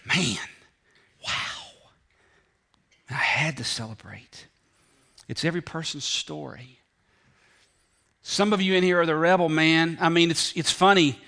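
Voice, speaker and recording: A man preaching a sermon in a folksy way, acting out the story's voices and dropping from loud to near whispers. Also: on the high side, moderate pace, gravelly, pauses often. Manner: folksy, acts out the parable's voices, swings from loud to hushed. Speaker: pastor.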